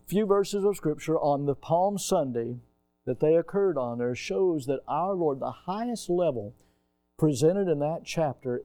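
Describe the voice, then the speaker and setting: Middle-aged male pastor, mellow dry voice, preacherly swells and soft drops. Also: a little high, dry recording. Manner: preacherly, swells loud on key phrases then drops soft. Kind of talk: sermon.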